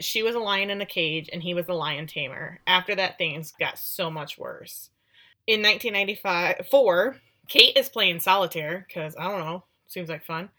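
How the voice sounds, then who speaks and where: Bright-voiced woman recapping a show. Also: on the low side. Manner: chatty and sarcastic, acts out quotes with voices. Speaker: podcast co-host recapping a TV series. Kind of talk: casual chat.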